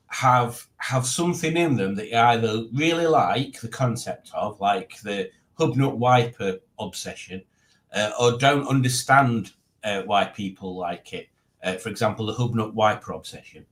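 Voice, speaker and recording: A man hosting a live stream, chatting casually, rambling and joking as he reads out viewer comments. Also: medium pitch. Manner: rambling, jokey, reads chat aloud.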